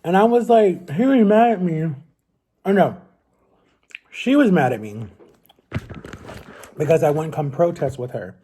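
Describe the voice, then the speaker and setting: Husky, mellow-voiced young man vlogging. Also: fairly high pitch, expressive, a little slow, long pauses. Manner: earnest and rambling, with many restarts. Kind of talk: casual talk to camera.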